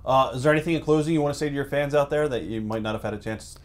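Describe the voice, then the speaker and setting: Quick-talking male interviewer. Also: mid-range voice. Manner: upbeat, quick reactions and wrap-up thanks. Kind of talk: interview questions.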